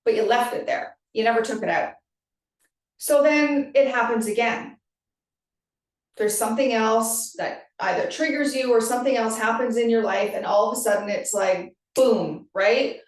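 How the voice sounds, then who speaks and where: A woman's voice: fairly high pitch, normal speed. A woman yoga teacher hosting a podcast, talking casually and often checking in with "right?". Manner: conversational, frequent "right?" and "like". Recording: very echoey room, distant from mic.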